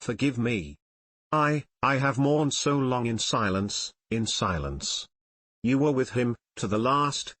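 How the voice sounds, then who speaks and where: A man reading the lines of a grieving young woman in an audiobook, hushed and mournful with emphatic repetitions. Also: medium pitch, animated, slow pace, no echo. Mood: pleading.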